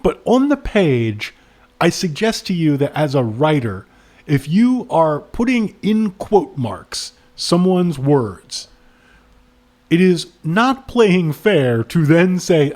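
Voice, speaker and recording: A man's voice: on the high side, slow pace. A man co-hosting a casual book-review podcast, sarcastic and given to mocking the text. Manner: sarcastic, animated, reads passages aloud mockingly. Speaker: podcast co-host.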